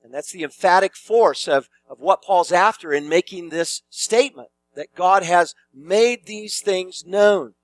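A male pastor delivers an expository sermon in a notably high voice. He is emphatic and circles back to repeat his key phrases. The sound is dry and close, with almost no room. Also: unhurried, few pauses, no room sound.

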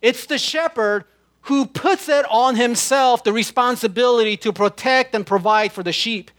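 A man preaching a sermon, slowing down and stressing his words as he quotes scripture. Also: extremely high pitch, a bit bright. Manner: slow, emphatic preaching with drawn-out scripture quotes. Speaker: pastor.

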